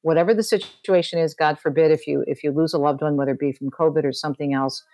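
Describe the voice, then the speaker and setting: A woman's voice: deep voice, fairly even intonation, quick pace, mellow, dry recording. A middle-aged woman, a podcast guest, telling a personal story in conversation, with frequent restarts. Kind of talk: conversational interview testimony.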